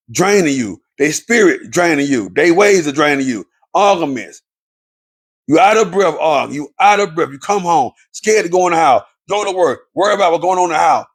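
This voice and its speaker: A man delivers a preachy monologue straight to his viewers, hammering each point through repetition. His voice is gravelly and husky and sits a little high for a man. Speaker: relationship commentator.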